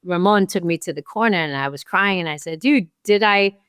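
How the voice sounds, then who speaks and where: A woman in her sixties, a podcast guest, telling a story and acting out her own past thoughts with lively energy. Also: lowish voice, fast, clean tone, dry recording, studio quality. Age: 60s. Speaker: podcast guest, martial arts champion. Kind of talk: storytelling in an interview.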